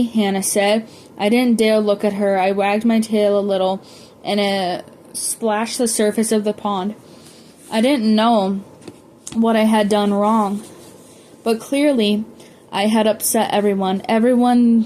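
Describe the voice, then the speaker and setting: Flat-voiced woman reading a novel aloud. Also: mid-range voice, unhurried, slight background noise. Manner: stumbles and corrects herself. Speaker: audiobook reader.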